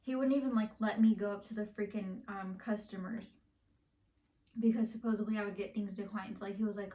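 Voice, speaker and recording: A woman's voice: mid-range voice, fairly even intonation, a little fast, mellow. Rambling young woman, echoey room. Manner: rambling, heavy use of "like". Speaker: vlogger. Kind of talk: casual storytime.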